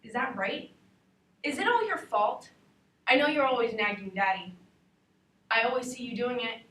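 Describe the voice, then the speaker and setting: A woman's voice: on the high side, animated, moderate pace. A woman acting a teenage girl whose parents are divorcing, pleading and accusing in turns in a dramatic classroom monologue. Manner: pleading and accusing, rising to shouting. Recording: roomy classroom, from far off.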